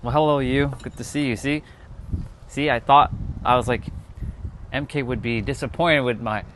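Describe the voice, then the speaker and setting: A man's voice: mid-range voice, steady tone, moderate pace, long pauses, noisy background. A man from North America, chatting casually with viewers on a livestream while making a hot drink. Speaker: livestream host.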